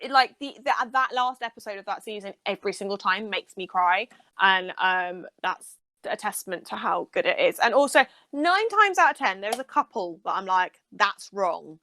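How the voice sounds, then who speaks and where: A woman's voice: mid-range voice, expressive, moderate pace, bright, forceful tone, no room sound. A woman who works as a nurse, chatting enthusiastically and rambling on a casual podcast. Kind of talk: casual chat.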